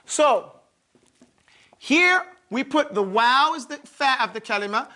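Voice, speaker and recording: Speaking slowly, this man has a very high-pitched voice with lively intonation and a bright, forceful tone. He's teaching a grammar lesson at the board, repeating himself and regularly asking "okay?" or "you follow me?" to make sure the class keeps up.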